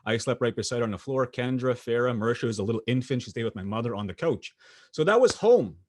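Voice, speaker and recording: A young adult man from Canada giving a motivational keynote, telling personal stories in an earnest, pausing way with small restarts. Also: mid-range voice, steady tone. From Sweetgrass First Nation, Saskatchewan, Canada. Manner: earnest storytelling with pauses and restarts. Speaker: motivational speaker. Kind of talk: keynote speech.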